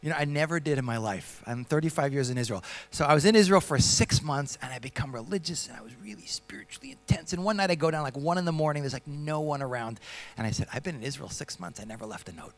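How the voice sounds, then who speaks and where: A middle-aged man, a speaker at a Jewish convention, telling personal stories to a young audience in a lively, joking way, often asking them questions. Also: a little high, quick pace. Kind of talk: storytelling talk to a youth audience.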